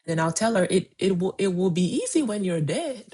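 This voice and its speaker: A woman's voice: lowish voice, very animated, moderate pace, warm tone, breathy edge. A woman in her forties coaching on a casual livestream, emphatic and repeating key phrases. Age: 40s. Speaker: weight-loss coach. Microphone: phone livestream.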